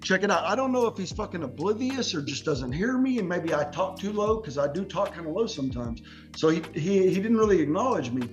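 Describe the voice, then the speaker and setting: A man's voice: high-pitched, sing-song, a little fast, muffled recording, faint music behind. A man hosting a podcast, telling long rambling stories in slangy talk full of "bro" and swearing. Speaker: podcast host. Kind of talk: casual podcast chat.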